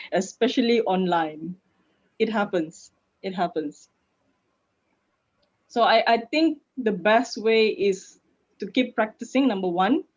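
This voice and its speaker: A woman with a Malaysian accent, a public speaking coach answering questions in an online session, lively and laughing easily. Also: medium pitch, takes it slowly. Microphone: video call. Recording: lo-fi video call audio.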